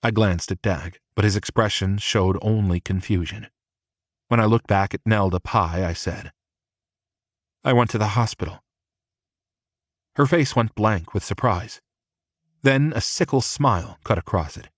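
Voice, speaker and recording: Low-voiced man narrating an audiobook. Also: normal speed, no room sound, studio quality. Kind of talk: first-person audiobook narration.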